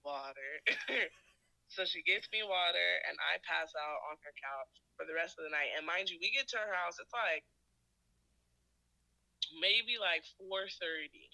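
A woman's voice: lowish voice, moderate pace, creaky, poor audio. A young woman telling a funny personal story in casual slang, laughing often and acting out what people said. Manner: animated, laughing, slangy, acts out quotes. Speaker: guest storyteller.

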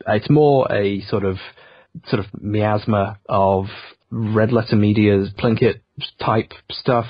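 A man's voice: on the low side, slightly rough, no room sound. A young man from Yorkshire with a generic southern English accent, talking in a rambling, self-deprecating way full of fillers as an interview guest over a muffled remote call. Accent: generic southern English, not Yorkshire. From Yorkshire, England. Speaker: video essayist guest. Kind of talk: casual interview conversation.

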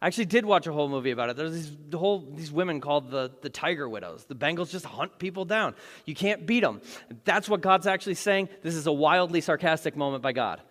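Male pastor, sermon, casual and joking with dramatic punches, bright forceful tone, big hall reverb. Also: a little high, expressive, fast talker. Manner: conversational and joking, dramatic emphasis.

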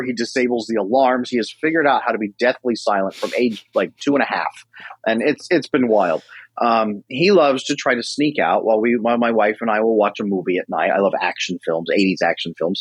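Man in his thirties podcast guest, husky and dry, animated delivery with wide swings in pitch. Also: no echo. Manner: animated, acts out quoted people with big pitch jumps. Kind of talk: podcast conversation.

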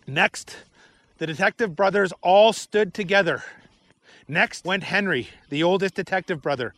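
A man reads a children's adventure story aloud, unhurried and expressive. His voice sits fairly high and sounds dry and close. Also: no room sound.

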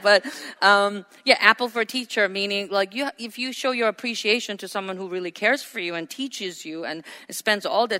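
A woman delivers a sermon with a bright, clear voice, chatting with plenty of ums and uhs. She slips into playful voices for quoted people. Her voice rings with long reverb in a large hall. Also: mid-range voice. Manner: conversational, many fillers, playful voices for quoted people and pets. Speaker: preacher.

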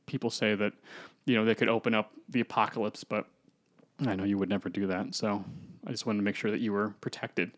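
A man's voice: lowish voice, flat delivery, brisk. Man, podcast co-host, loose rambling retelling of a movie, slips into character voices. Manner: rambling storyteller who acts out characters. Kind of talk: casual podcast plot recap.

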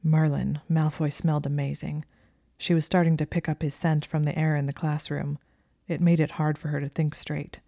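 A woman reading a story aloud in a steady, even storytelling manner. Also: deep voice, normal speed, creaky, no room sound, studio quality. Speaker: audiobook reader. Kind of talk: reading fan fiction aloud.

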